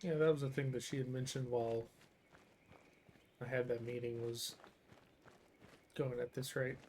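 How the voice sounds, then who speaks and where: A man's voice: mid-range voice, little pitch movement, normal speed, darkish tone, slight background noise. A young man streaming a game, chatting casually, rambling, and swearing freely. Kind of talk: casual chat while gaming.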